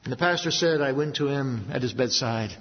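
A man preaching a sermon earnestly, dropping low and slow for stories and rising for emphasis. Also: lively intonation. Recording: dull sound with long hall reverb.

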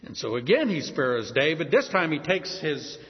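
A man teaching a Bible lesson, retelling the story in an animated, folksy way. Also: on the high side, normal speed. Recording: dull reverberant hall recording.

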